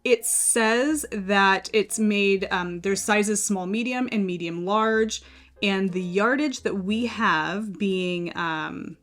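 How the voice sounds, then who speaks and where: A woman's voice: mid-range voice, slow pace, fairly bright tone. An American woman hosting a knitting channel, chatting through pattern picks in a casual, think-aloud way.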